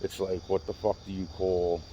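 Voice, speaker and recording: A man's voice: deep voice, flat delivery, normal speed, dark tone, highs cut off, a little hiss or hum. A man telling rambling, profane stories to his camera in a casual vlog, repeating himself and restarting often. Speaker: vlogger.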